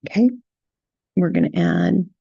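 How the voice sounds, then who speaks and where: Slow, gravelly-voiced woman teaching drawing. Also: fairly low pitch, animated, dry recording, dull audio. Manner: gentle, unhurried, narrates each stroke with "right?" checks. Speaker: drawing instructor. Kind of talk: relaxed step-by-step drawing tutorial.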